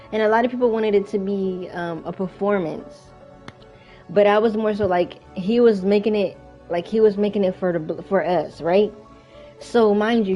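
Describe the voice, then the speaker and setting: A young woman chats through a long personal story in a loose, rambling way, piling on fillers and starting sentences over. Her voice sits at an ordinary middle pitch, and faint music plays underneath. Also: warm tone. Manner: chatty, rambling, frequent fillers. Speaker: vlogger. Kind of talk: casual storytime while playing a game.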